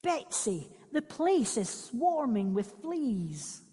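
A woman's voice: on the high side, sing-song, takes it slowly, darkish tone, slightly rough, voice pushed up, full character voice. Woman reading as a frightened woman prisoner. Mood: distressed. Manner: distressed, pleading. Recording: long reverberant echo.

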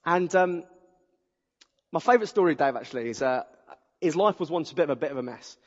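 Exuberant preacher in a reverberant hall. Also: male voice, a little high, quick pace. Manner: exuberant, animated and humorous. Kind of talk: sermon with storytelling. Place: church auditorium. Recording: dull audio with long hall reverb.

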